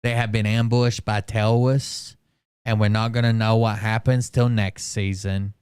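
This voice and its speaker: A man chatting on a live stream in a smooth, clear voice. His commentary is crude and meandering, peppered with profanity. The sound is dry and close to the mic. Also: on the low side, level tone, unhurried, darkish tone, no room sound. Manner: crude, rambling anecdotes with profanity. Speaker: streamer reacting to videos.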